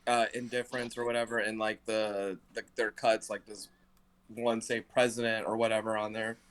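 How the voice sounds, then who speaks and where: A man playing a tabletop game over voice chat, asking hesitant, halting questions. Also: on the low side, level tone, no room sound. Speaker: player.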